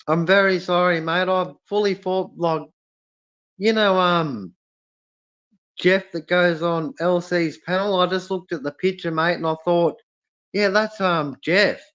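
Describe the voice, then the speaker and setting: A man with an Australian accent hosting a casual live stream, reading chat comments aloud and talking in a halting way with lots of fillers and restarts. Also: high voice, fairly bright tone. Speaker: livestream host reading chat. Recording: lo-fi dull sound.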